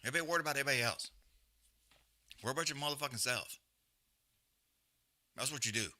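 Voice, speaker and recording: Fast and medium-pitched, with a pushed, bright voice, this podcast host delivers a blunt, profane rant on a live stream. He swears constantly and hammers points through emphatic repetition.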